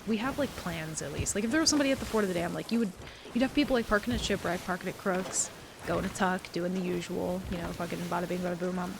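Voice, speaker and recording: Gravelly-voiced woman ranting on stream. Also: fairly low pitch, background noise. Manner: rambling, profane and animated. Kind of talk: casual live-stream chat.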